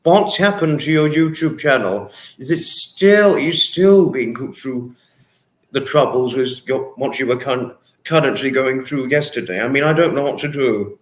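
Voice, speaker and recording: A man's voice: medium pitch, expressive, normal speed, reverberant. A man from England hosting a casual livestream, effusively greeting viewers by name and swearing freely as he reads their comments. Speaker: livestream host.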